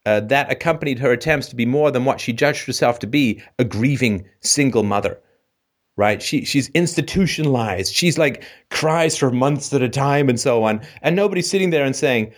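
A man's voice: mid-range voice, expressive, normal speed. A man hosting a call-in show, ranting sarcastically and with animation. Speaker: host.

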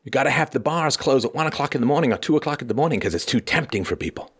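A man's voice: mid-range voice, animated, racing, slightly rough. A man hosting a livestream, delivering a sarcastic, theatrical commentary monologue. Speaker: host and philosopher.

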